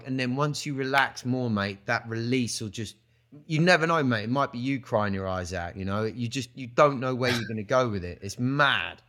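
A man's voice: mid-range voice, animated, moderate pace, bright, forceful tone. A man, a retreat founder talking casually as a guest, rambling with many restarts and "you know"s. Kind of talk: casual conversational interview.

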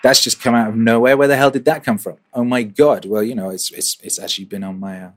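A man's voice: medium pitch, fairly even intonation, quick pace, a little hiss or hum. A man hosting a weekly question-and-answer livestream, chatting casually, swearing and repeating phrases for rhythm. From England.

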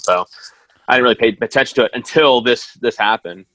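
A man in casual talk among friends, recounting a news video with lively acted-out quotes. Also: mid-range voice, a little fast, no room sound. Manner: animated storytelling, acts out quotes with shouts. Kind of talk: casual chat.

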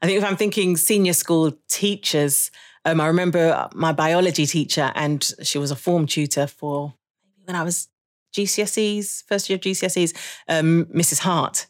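A woman's voice: deep voice, steady tone, moderate pace. A woman, a jazz saxophonist being interviewed, telling stories about her school days in a reflective, chatty way with frequent laughter. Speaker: podcast guest, jazz saxophonist. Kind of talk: conversational interview.

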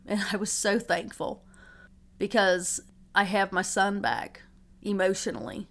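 A woman's voice: mid-range voice, fairly even intonation, measured pace, fairly bright tone. A middle-aged woman, a mother, telling an emotional personal story in an earnest, reflective way.

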